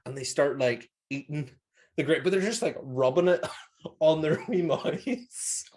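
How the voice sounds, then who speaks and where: Rambling Northern Irish podcast host. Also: male voice, a little high, expressive, unhurried, a little mellow, slight background noise. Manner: rambling, laughing, swears freely. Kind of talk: casual film review chat.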